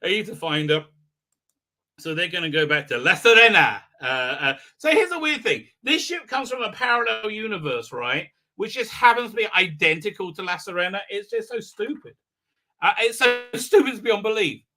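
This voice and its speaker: Guy on a live stream ranting through an episode recap, lots of uhs, really bright sharp voice, sits a bit high. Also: big pitch swings, moderate pace. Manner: rambling, sarcastic, heavy fillers. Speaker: host.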